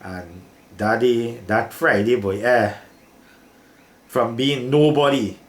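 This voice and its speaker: An older man speaks slowly in a mid-range voice, his Trinidadian accent clear as he relates an emotional episode from his working life. He repeats himself casually and often calls the listener "boy," all in a reverberant space.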